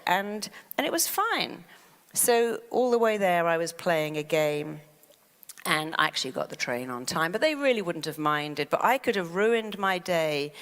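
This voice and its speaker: Older woman, motivational speaker, lowish voice, long hall reverb. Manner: animated storytelling, acts out quoted inner voices. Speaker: therapist and self-help speaker. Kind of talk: motivational talk with anecdotes.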